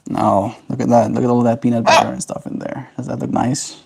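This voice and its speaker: A man's voice: medium pitch, steady tone, fairly quick, vocal fry, few pauses, darkish tone, slightly rough. Guy streaming, chatting casually, baby-talking his pet bird and answering chat. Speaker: daily live streamer.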